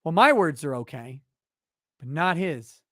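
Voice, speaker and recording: A man's voice: on the high side, very animated, measured pace, pushed and bright, dry recording, studio quality. A man hosting a legal commentary livestream who rants in a heated, profane way. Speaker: legal commentary show host.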